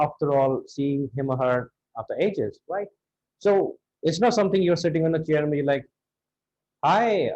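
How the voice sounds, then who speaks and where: A man's voice: fairly high pitch, darkish tone, lo-fi sound. A man with an Indian English accent teaching spoken English, acting out lines of dialogue to show intonation.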